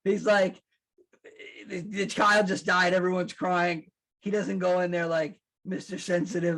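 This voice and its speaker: A man preaching a sermon as pastor, conversational and animated, acting out quotes and restarting his sentences. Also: high-pitched, measured pace, creaky. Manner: animated, acts out quotes, laughs at his own lines.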